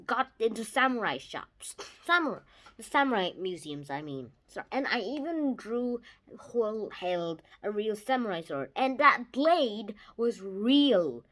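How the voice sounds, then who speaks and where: An excited child talks through a homemade video report, piling up restarts as the thoughts run ahead. The voice sits at a middling pitch but jumps up and down in loudness and tone while explaining. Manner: eager, rambling explanations with frequent restarts. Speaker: video reviewer. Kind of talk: casual spoken video report.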